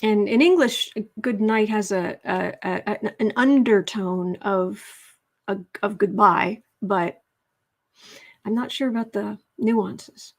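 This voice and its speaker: Overheated and sweating at home, a tarot reader hosts a relaxed livestream, reading out viewer comments as she chats. Her voice sits in the mid-range and she takes things slowly.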